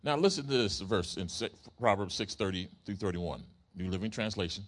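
Lower-voiced man preaching a story sermon. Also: fairly quick. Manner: animated storytelling, questions to the congregation. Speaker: pastor.

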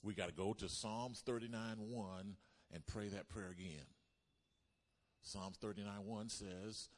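A man preaching a sermon as pastor, calling for responses from the congregation and rising to loud bursts. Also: fairly low pitch, steady tone, unhurried.

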